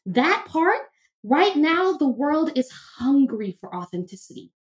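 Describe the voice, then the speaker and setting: A woman's voice: high-pitched, very animated, unhurried. A woman therapist and minister, a podcast guest, talking emphatically with preacher-like repetition. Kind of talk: conversational interview.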